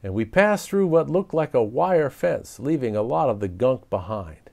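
A man reading a children's storybook aloud in an animated, expressive way. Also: mid-range voice, normal speed, vocal fry. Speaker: storybook reader.

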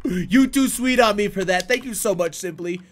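A man streaming a horror game live, excitable and profane, chatting with his viewers in slang and breaking into shouts. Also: high-pitched, normal speed, a little hiss or hum. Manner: slangy banter with chat. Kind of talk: live horror gameplay commentary.

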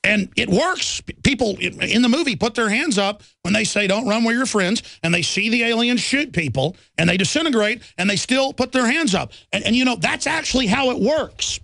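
Guy hosting a talk radio show, high voice, ranting hard and combative, dry close sound. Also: lively intonation, fairly quick, gravelly, few pauses, bright, forceful tone, no room sound. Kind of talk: fiery political monologue.

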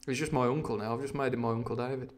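A man streaming a novel reading, dropping into quiet, chatty asides about the story. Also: mid-range voice, steady tone, rapid-fire. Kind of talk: casual live read-along with asides.

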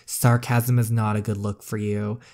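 A man's voice: lowish voice, little pitch movement, moderate pace, darkish tone, lightly acted. A man reading the part of a spoiled, sarcastic teenage girl in a story game, with a snide, dismissive delivery.

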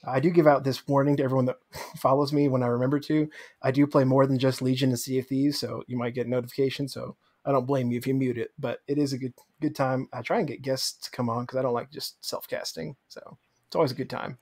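A man guesting on a podcast, chatting casually, quick to laugh and enthusiastic. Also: mid-range voice, level tone, darkish tone. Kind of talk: casual chat.

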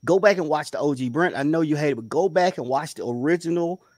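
A man's voice: a little high, fast, a little mellow, no room sound. A man from the Southern United States, co-hosting a casual review chat and stressing his points with repeated words. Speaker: podcast co-host.

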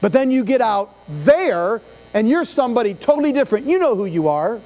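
A middle-aged male pastor speaks fairly quickly in a very high, sing-song, slightly mellow voice during a conversational sermon. He often poses questions to the congregation and adds asides, recorded on a live church stream in the sanctuary with long reverb and mains hum.

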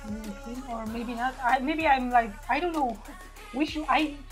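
A woman reacting to a music video in casual commentary, gushing and excitable, often stammering and restarting her sentences, a Polish speaker talking in English. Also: high voice, normal speed, low-quality recording.

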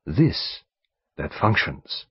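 A man reading an audiobook, voicing a fastidious, self-assured elderly male detective in a calm, precise manner. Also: low-pitched, slightly rough, no echo, pitched below the performer's own voice, full character voice. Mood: placid. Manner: precise, placid, courteous. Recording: dull studio audiobook recording.

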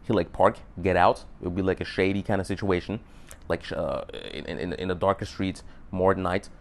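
Young man with a lowish voice, rambling. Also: fairly even intonation, normal speed. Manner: rambling, profane, keeps asking "right?". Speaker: dating advice vlogger. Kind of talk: casual monologue to camera.

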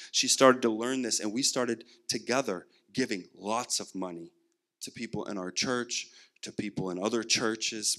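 A young guest preacher with a medium-pitched, slightly bright voice shares a personal story during his sermon. He acts out the quoted dialogue himself as he tells it.

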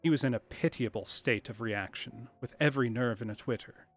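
A man reading a classic story aloud on a live stream, in a measured, expressive narrating voice. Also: mid-range voice, no echo, soft background music.

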